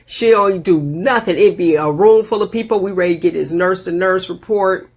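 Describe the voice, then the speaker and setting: A woman hosting a casual live video show, telling stories with animated, jumpy delivery and big leaps in pitch on quoted lines. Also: normal speed. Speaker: host.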